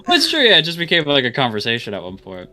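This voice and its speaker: Man guest, bright lively voice, rambling casual stream chat, laughs easily. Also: mid-range voice, faint music behind. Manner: rambling, tangent-prone, quick to laugh.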